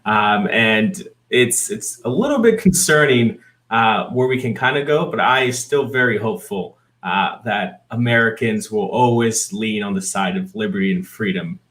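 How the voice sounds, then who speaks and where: A man with a low voice appearing as a guest activist on a podcast. He answers in an easygoing, hesitant way, pausing on fillers as he thinks. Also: animated, a bit bright. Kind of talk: interview answers.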